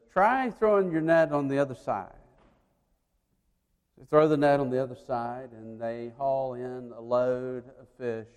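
A man preaching a sermon, retelling a story and acting out the voices, swinging between loud and hushed. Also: mid-range voice, clean tone, dull audio. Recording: long hall reverb.

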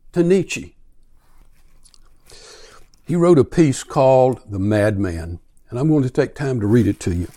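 A man preaching a sermon, speaking slowly and emphatically and building to intense, questioning passages as he reads aloud. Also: medium pitch, a little mellow. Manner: slow, emphatic delivery, rising to intense questioning when reading aloud. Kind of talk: sermon with dramatic reading.

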